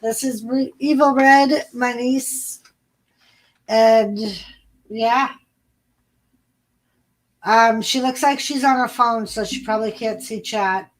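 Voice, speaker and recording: A woman chats on a relaxed livestream from home, swearing freely as she takes her time spinning stories. Her voice is a little high and steady in tone, captured on a rough recording.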